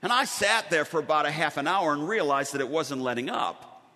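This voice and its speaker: A man preaching a sermon, telling stories with dramatic pauses and lively emphasis. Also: a little high. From Western New York. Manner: animated storytelling with dramatic pauses. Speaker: pastor. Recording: reverberant hall.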